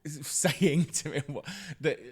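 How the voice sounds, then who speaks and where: A middle-aged man chatting as a podcast guest, animated, often laughing and restarting his sentences. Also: fairly high pitch, slow, husky. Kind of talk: casual chat.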